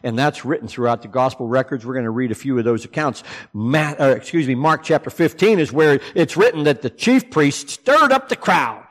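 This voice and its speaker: A man preaching a sermon, swinging between loud, emphatic declarations and low, hushed asides. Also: expressive, measured pace, long reverb tail.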